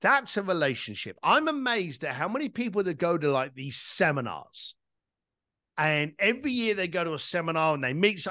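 Entrepreneur-type man, middle-aged, lively emphatic delivery, dry close mic. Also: fairly high pitch, normal speed, no room sound. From East London, England. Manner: animated, emphatic, casual swearing. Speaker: podcast guest, entrepreneur and speaker. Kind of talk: conversational interview storytelling.

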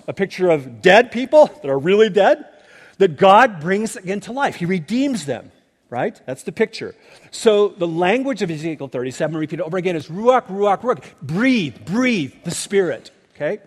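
A man preaching a sermon, teaching through scripture with emphatic asides to the listeners. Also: a little high. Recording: long reverb of a large hall.

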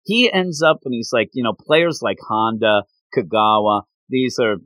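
A man hosting a casual chat recapping an anime, talking in a rambling, animated way and laughing often. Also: mid-range voice, normal speed, dry recording, rough recording.

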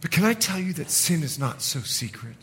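Male pastor, sermon, high voice, very animated pitch, dramatic swings from hushed to loud. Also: a little fast, slight background noise. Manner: dramatic preaching with acted-out quotes and sudden swings from hushed to loud. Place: church sanctuary.

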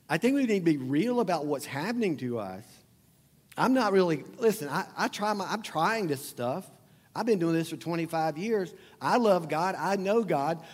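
A man preaching a sermon as pastor, talking in a conversational, emphatic way and repeating phrases. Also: high voice. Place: church sanctuary. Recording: long hall reverb.

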